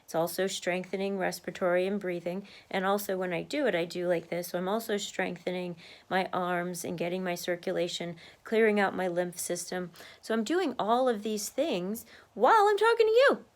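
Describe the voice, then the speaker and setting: A woman's voice: fairly low pitch, moderate pace, hardly any pauses. Chatty woman, candid vlog. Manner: chatty and candid, laughs often, marches in place while talking. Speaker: vlogger sharing a weight-loss journey. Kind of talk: casual video diary. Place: home office, seated at her desk.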